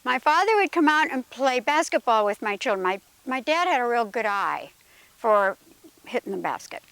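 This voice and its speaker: An older woman telling family stories in an interview, animated and laughing at her own tales. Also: a little high, moderate pace, no echo. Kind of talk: storytelling interview.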